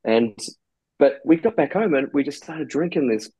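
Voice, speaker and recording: A man's voice: fairly high pitch, lively intonation, moderate pace, mellow, husky, no room sound, highs cut off. A man in casual podcast chat, telling long rambling anecdotes with casual swearing. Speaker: brewery co-founder guest.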